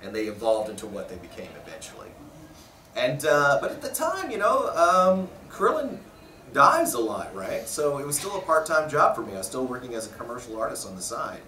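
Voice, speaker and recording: Animated man in an echoey convention room. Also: mid-range voice, a little fast, a little hiss or hum. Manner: animated, laughing, acts out voices in his stories. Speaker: voice actor at a convention press interview. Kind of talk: casual storytelling interview. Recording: roomy echo, mic at a distance.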